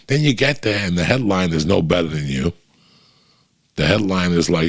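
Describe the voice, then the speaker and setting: A middle-aged comedian tells his stories in a profane, animated rush. His voice sits low and carries a rough, gravelly grain. It sounds like a relaxed, casual conversation. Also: normal speed. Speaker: comedian guest. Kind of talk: storytelling chat.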